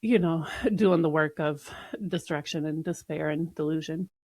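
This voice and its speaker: A woman's voice: sits low, moderate pace, darkish tone, dry recording. A woman co-hosting a podcast, talking in a reflective way and laughing often. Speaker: podcast co-host. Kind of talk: casual podcast conversation.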